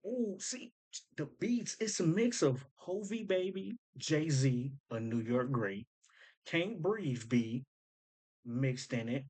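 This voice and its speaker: A man's voice: fairly high pitch, animated, takes it slowly, darkish tone, poor audio. A man hosting a casual commentary, eagerly explaining and pointing out details as he goes. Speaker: host breaking down rap lyrics.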